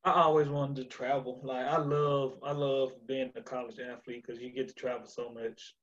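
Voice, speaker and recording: A man's voice: medium pitch, little pitch movement, normal speed, a bit bright, muffled recording. A young man from North Mississippi with a Southern accent, talking easily and laughing often as a podcast guest. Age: young adult. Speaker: college track athlete guest. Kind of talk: casual podcast interview.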